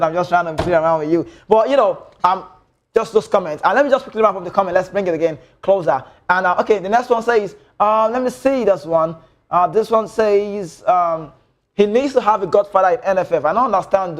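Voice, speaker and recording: A Nigerian man with a Nigerian accent hosts a football talk show, reading out viewer comments and answering them. His voice sits high. He banters, slipping back and forth between Pidgin and English.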